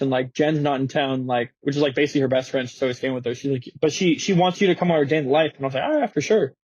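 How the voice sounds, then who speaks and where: A man's voice: on the high side, dry recording, dull audio. A young man from Florida, an interview guest telling a story casually, full of slang and fillers. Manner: slangy, animated, swearing, many fillers.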